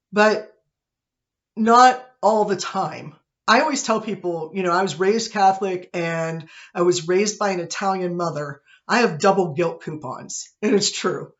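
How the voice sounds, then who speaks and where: A woman's voice: mid-range voice, lo-fi sound. A woman instructor giving a recorded lecture in a chatty, joking way, with self-mocking asides. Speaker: college instructor.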